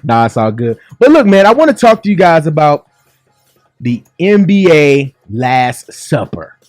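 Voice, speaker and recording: A man's voice: on the high side, big pitch swings, a little slow, no room sound. A man hosting a sports talk show, joking and chatty, in a studio. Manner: upbeat, joking, laughs often. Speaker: sports radio host.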